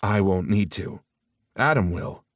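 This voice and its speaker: A man's voice: fairly low pitch, expressive, measured pace, no echo, studio quality. A man doing a teasing, scoffing sister. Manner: joking, scoffing. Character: teasing adult sister, sardonic.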